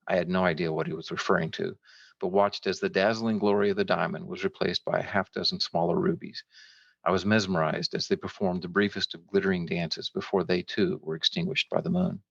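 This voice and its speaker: Low gravelly older man reading. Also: dry recording, lo-fi sound. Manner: measured, steady reading. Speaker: author. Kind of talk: reading from his novel.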